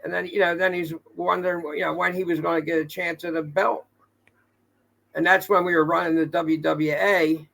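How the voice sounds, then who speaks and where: A man with a gravelly, rough-edged voice pitched a bit high joins a casual podcast chat as a guest. He tells his stories plainly and at a measured pace. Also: level tone, bright, forceful tone. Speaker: guest, wrestling trainer.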